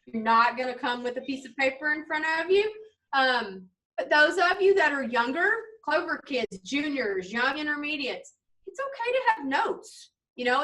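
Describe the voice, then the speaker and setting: High bright chatty woman. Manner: chatty, checks in often with "okay?". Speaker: 4-H club leader. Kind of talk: casual instructional demo for kids. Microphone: video camera. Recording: distant camera mic.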